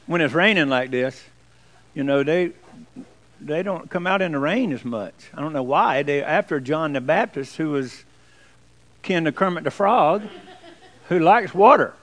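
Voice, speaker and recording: A man's voice: fairly high pitch, expressive, measured pace, pauses often, a bit bright, rough recording. Folksy man preaching. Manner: folksy, joking, chatty with the congregation. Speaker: pastor. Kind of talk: sermon with jokes. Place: church.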